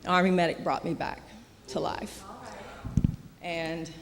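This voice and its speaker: An adult speaker giving an earnest personal testimony at a church service, halting with frequent restarts and soft laughs. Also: mid-range voice, level tone, background noise. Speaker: guest speaker sharing a testimony. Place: church sanctuary. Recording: long church-hall reverb.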